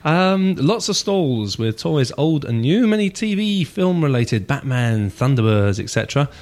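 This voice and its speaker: A man's voice: medium pitch, very animated, unhurried, darkish tone. A man co-hosting a local radio breakfast show in a radio studio, chatty and teasing with casual banter.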